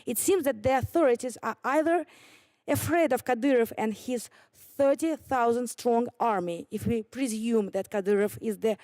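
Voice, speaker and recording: A woman whose first language is Russian, giving measured, formal prepared testimony as a witness at a hearing. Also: fairly high pitch, darkish tone, no echo. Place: hearing room.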